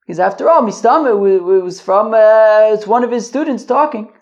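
A woman's voice: mid-range voice, a little fast, darkish tone. A woman hosting a casual Talmud study lesson, reasoning aloud, restarting her sentences and checking that listeners follow. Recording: dull lo-fi audio.

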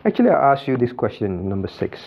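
A male pastor leads a Bible study, calling on students by name and repeating his points with quick checks like "okay?" and "right?". His mid-range voice swings widely in pitch and has a creaky quality, and the audio sounds dull.

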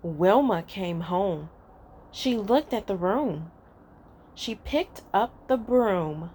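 A woman reading a children's storybook aloud in an expressive, sing-song way. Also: mid-range voice, takes it slowly, noisy background. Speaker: storybook reader.

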